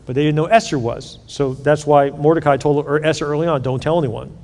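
A man preaching a sermon, telling a story in a lively way and acting out each character's lines himself. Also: a little high, fairly quick, long reverb tail. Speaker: pastor.

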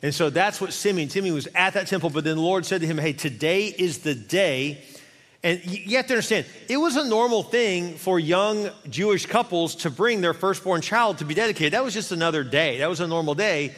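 A man's voice: sits high, lively intonation, a little fast, long reverb tail. A male pastor delivering a fervent sermon, repeating phrases and urging his listeners on. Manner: fervent, rising to shouting exhortation. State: winded at times.

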